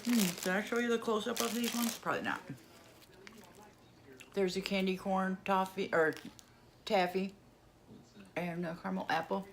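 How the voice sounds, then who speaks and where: A woman vlogger from New York State works through a candy taste test, savoring everything slowly and humming with joy. She speaks in a gravelly mid-range voice, and there's a slight hiss or hum on the recording.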